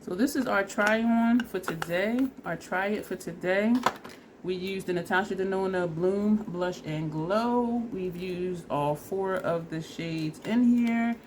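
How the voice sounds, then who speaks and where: A woman's voice: mid-range voice, unhurried, noisy background. A woman vlogger casually talking through a makeup try-on step by step, chatty and laughing at herself, teary and sniffly from allergies. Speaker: beauty vlogger.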